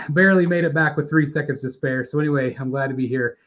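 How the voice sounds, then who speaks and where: A man's voice: fairly high pitch, fairly quick, fairly bright tone, slight background noise. A man hosting a live collectors' show, upbeat and welcoming, a little scattered and out of breath. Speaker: host.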